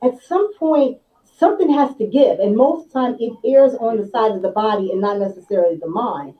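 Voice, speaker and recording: A woman's voice: a little high, expressive, a little fast. A woman co-hosting a live panel discussion, chatty and joking as she puts questions to the guests. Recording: echoey, distant, dull sound.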